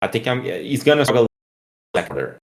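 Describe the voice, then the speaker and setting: Male podcast co-host, mid-pitched, casual and teasing, sports betting chat. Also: very animated, moderate pace, a crowd in the background. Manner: joking, teasing banter.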